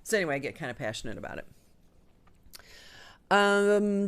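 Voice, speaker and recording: A woman hosting a live online show, chatting casually and enthusiastically with frequent ums and a lively, swinging delivery. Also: medium pitch, moderate pace, clear, resonant tone. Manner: chatty and enthusiastic, talks with her hands in the air of her voice, frequent ums. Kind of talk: casual live-stream chat.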